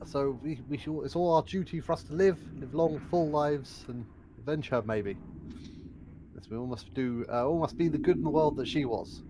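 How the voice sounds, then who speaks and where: A man playing in a tabletop game, talking in a playful, lively way. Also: on the high side, moderate pace, slight background noise. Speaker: player. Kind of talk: casual tabletop play.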